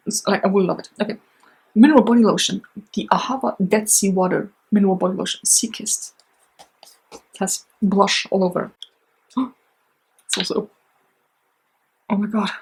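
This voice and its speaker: A woman talks through a beauty box in a loose, chatty vlog style, gushing and filling gaps with little asides. Her voice is very husky and breathy, sitting at an ordinary middle pitch. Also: rough recording. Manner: chatty, excitable, lots of fillers. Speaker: beauty vlogger. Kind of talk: casual unboxing chat.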